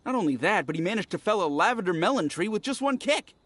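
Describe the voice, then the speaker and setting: A man's voice: high-pitched, quick pace, slight background noise. An actor playing a friendly, talkative young villager in a video game, eagerly recounting what he saw. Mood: chatty. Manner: chatty, animated storytelling.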